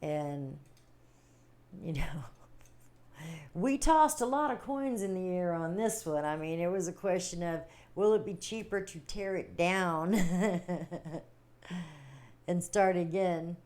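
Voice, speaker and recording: A woman hosting a casual livestream, chatting warmly with viewers, reading their comments and laughing often. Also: on the low side, slow, pauses often. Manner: chatty, giggly, reading chat aloud. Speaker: livestream host.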